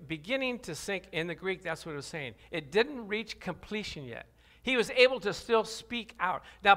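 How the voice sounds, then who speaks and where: A pastor preaches animatedly, lowering his voice for scripture and then climbing to loud cries. Along the way he calls out questions to his congregation.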